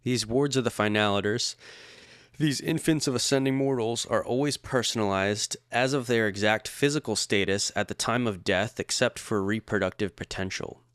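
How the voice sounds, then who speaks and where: A man reading religious passages aloud in a measured, careful way for a podcast. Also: lowish voice, fairly bright tone, smooth, no room sound, clean studio sound. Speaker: co-host reading the text aloud.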